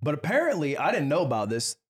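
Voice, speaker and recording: Young guy hosting a podcast, kinda husky voice, teasing and laughing a lot. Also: fairly high pitch, huge pitch swings, quick pace. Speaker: podcast host. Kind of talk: casual chat.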